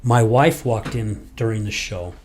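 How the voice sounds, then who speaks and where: A man's voice: on the low side, unhurried, darkish tone, slight background noise. A man from Utah hosting a podcast, telling a personal story in a blunt, profane and emotional way. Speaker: podcast host.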